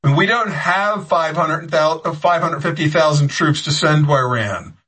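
A man gives heated political commentary in a husky, slightly high voice, rambling, often restarting sentences and tossing in sarcastic jabs. He talks at normal speed with a bright, forceful tone, and the recording is rough.

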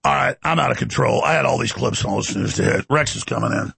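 A man hosting a show, ranting rapidly through political commentary and breaking into mocking impressions. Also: medium pitch, vocal fry, fairly bright tone, slightly rough, no room sound. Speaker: host.

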